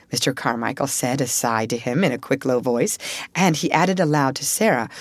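A woman reading a storybook aloud as an audiobook narrator, in an expressive, measured way. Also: extremely low pitch, dry recording, studio quality. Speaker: audiobook reader. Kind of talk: scripted narration.

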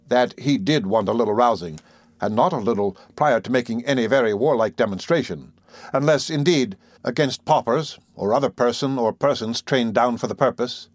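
A man narrating a classic novel in a measured, even way. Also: medium pitch, dry recording, studio quality. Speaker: audiobook narrator.

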